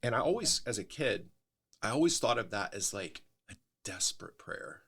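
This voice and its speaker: A man's voice: fairly low pitch, very animated, moderate pace, gravelly, fairly bright tone, breathy edge. A middle-aged male pastor in a casual podcast conversation, explaining at length in a thoughtful way, often restarting his sentences.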